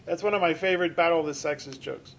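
A high-voiced middle-aged man lectures to an online class through his computer mic. He talks chattily and rambles, trailing off into fillers and restarting his sentences. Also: fast. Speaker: finance professor. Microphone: computer mic on a video call.

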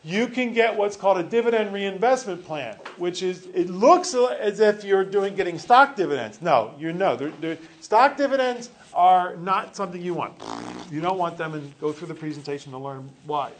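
A man's voice: sits high, expressive, moderate pace, a little hiss or hum. A male teacher giving a classroom lecture, joking with students and correcting himself as he rambles.

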